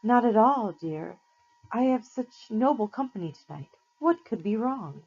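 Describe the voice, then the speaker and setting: A woman's voice: fairly high pitch, lively intonation, a little mellow, slightly rough, voice pushed up, exaggerated voice. A woman reading aloud and voicing an old female gorgon who speaks in a honeyed, coaxing way. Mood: sugary. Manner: honeyed, coaxing, slow and sugary. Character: sweet-talking old female gorgon, menacing beneath. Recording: slightly muffled lo-fi recording.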